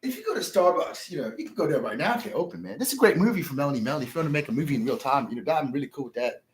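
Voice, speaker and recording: Slight background noise sits under this man's a-little-high, animated voice as he races through his words. The livestream host rambles through a crude story for viewers, ending lines with "man" and swearing it's all real.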